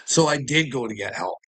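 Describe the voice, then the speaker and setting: Telling his story in a casual chat with a friend, this man rants in an agitated way, swearing heavily and laughing often between lines. His voice is medium in pitch, husky and fairly bright, and the recording is rough.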